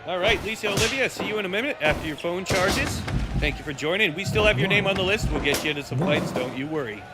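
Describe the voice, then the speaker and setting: Easygoing male streamer calling a game fight live; slightly raised pitch, music audible behind. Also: lively intonation, fast. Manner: laid-back, chatty, with play-by-play calls. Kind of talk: casual live-stream commentary.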